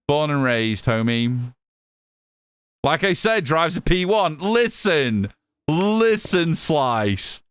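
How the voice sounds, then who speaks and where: Smooth-voiced chatty English man. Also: a little high, big pitch swings, slow pace, a bit bright, no room sound. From Northwest England, Cheshire. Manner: chatty, answers chat, repeats phrases. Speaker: streamer. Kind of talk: casual live gameplay chat.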